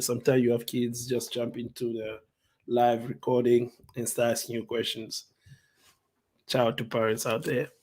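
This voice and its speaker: A man casually explaining stock investing to viewers on a live stream from home, relaxed and repetitive. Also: medium pitch. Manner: relaxed, repeats key points, frequent "like" fillers.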